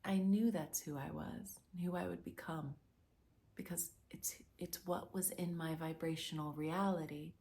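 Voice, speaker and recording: Speaking unhurriedly in a low, steady voice, a young manifestation teacher offers a spiritual pep talk full of earnest enthusiasm. She wanders and restarts, shifting between near-whispers and bright, emphatic bursts. Slight background noise can be heard.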